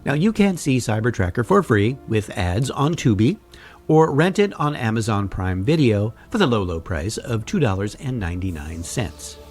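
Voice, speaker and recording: A man's voice: sing-song, normal speed, breathy edge, soft background music. A man hosting a podcast, reading a scripted, wry narration in a conversational way. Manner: wry, conversational, puts on a deep trailer voice at times. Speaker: podcast host.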